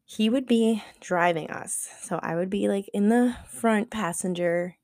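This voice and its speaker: A woman's voice: mid-range voice, measured pace, darkish tone, no room sound, clean studio sound. A woman podcast co-host telling a casual story, chatty and profane, full of "like" and acted-out quotes. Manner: chatty, profane, heavy use of "like"; acts out quoted dialogue.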